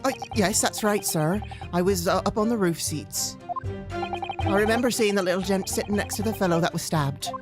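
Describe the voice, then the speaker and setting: A woman's voice: mid-range voice, normal speed, close to an everyday voice. A woman voicing a nervous male witness, a hat-maker, in a put-on British accent and stammering. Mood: flustered. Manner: stammering, flustered. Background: game music.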